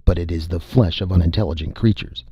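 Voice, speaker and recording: A man voicing a gentle giant male reptile warrior who rumbles calm, earnest words, in a slightly muffled recording. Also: quick pace, slightly rough, no echo, exaggerated voice.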